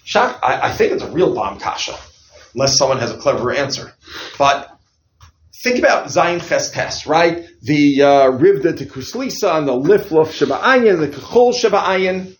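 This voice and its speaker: A man teaching a study class on religious law, animated and questioning, often putting questions to his students. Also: fairly high pitch, normal speed, reverberant. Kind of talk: halacha study lecture.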